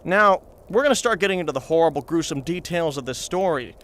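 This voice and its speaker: A man's voice: on the high side, animated, quick pace, fairly bright tone. A man telling a comedic, meandering anecdote in character as a reporter, chatting to his viewers.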